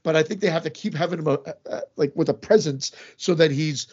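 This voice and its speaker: Man, high husky voice with a gravelly edge, sarcastic podcast co-host. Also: brisk, darkish tone, lo-fi sound. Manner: wry, sarcastic quips. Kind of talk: casual movie review chat.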